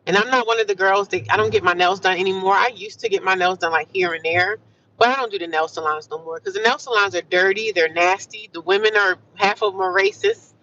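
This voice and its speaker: A woman's voice: mid-range voice, steady tone, a little fast, sharp tone, recorded from a distance, highs cut off. Chatty woman vlogging from her car. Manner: chatty, upbeat, speaks in affirmations, says "honey" and "child". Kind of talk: casual chat. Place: car while driving.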